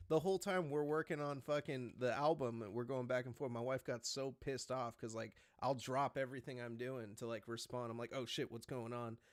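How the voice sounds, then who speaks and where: A man's voice: medium pitch, steady tone, brisk, few pauses, no room sound, studio quality. A young man co-hosting a casual chat, rambling, swearing and laughing often. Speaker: podcast co-host.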